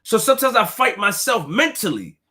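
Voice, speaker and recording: A young man talking casually to his stream audience, full of street slang and repetition, swinging from quiet, low remarks to loud outbursts. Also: sing-song, brisk. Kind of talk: casual live-stream rant.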